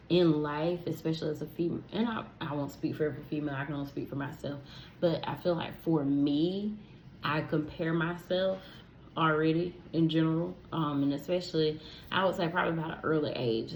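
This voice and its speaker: A woman's voice: sits low, darkish tone, a little hiss or hum, low-quality recording. A young adult woman hosting a podcast, chatting casually and expressively, talking straight to her listeners and laughing easily. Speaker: podcast host. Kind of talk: casual solo podcast chat.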